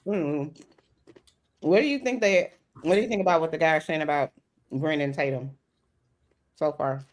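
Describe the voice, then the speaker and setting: A woman's voice: sits low, moderate pace. A woman hosting a live stream, chatting casually and rambling a bit while reacting to a video. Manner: chatty, rambling, laughs easily. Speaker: stream host.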